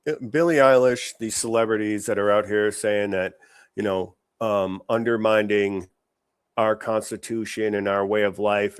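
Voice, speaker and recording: A man delivers rough-edged political commentary, blunt and full of swearing. He sounds close to the mic, with no room around him. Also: lowish voice, no echo. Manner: blunt, profane, ranting. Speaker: podcast host.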